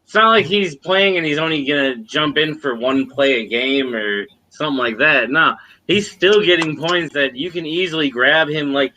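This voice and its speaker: A man co-hosting a podcast in casual chat over a video call, laid-back and joking, talking in quick bursts. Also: on the high side, sharp tone, slight background noise, rough recording. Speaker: podcast co-host.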